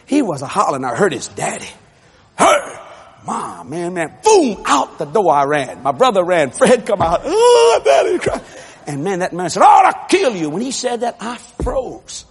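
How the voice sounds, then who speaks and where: A man preaching with a high, lively voice that leaps up and down as he acts out a story from the pulpit. He shouts and laughs his way through it. A faint hiss of noise sits under the recording. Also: fairly quick. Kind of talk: humorous sermon storytelling.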